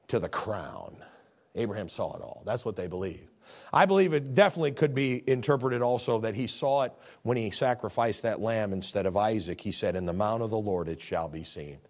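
A man preaching a sermon, animated, acting out scripture scenes with voices. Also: medium pitch, fairly quick, creaky.

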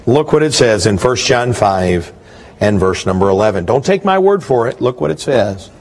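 A middle-aged man preaching a sermon, with animated rising and falling emphasis. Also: mid-range voice, normal speed. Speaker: pastor.

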